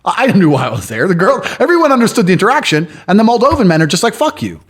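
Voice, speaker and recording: A brash man telling stories at a fast clip, his pitch swinging widely as he acts out other people's lines. He swears freely and sounds boastful and sure of himself. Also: big pitch swings, husky. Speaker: podcast guest. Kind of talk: boastful storytelling in casual chat. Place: lives in London.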